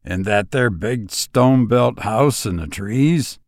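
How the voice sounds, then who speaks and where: Male narrator doing a superstitious old countryman; folksy drawl, gravelly, dry. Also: mid-range voice, lively intonation, slow, dry recording. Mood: excited. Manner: folksy country dialect, quavering. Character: old rural man, superstitious and excitable.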